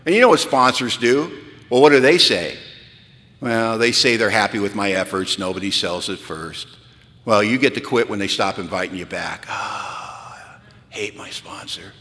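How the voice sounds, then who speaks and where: Man, self-deprecating storyteller at a retreat talk, bright voice, hall reverb. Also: moderate pace. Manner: animated, self-mocking, builds to high-pitched punchlines. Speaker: speaker sharing recovery story. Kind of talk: storytelling talk to a live audience.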